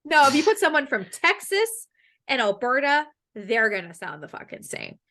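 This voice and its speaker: A woman podcast host with a Canadian accent leads a relaxed conversation, lively and animated, dropping casual swear words as she tells stories. Her voice sits high, and she speaks at a normal speed.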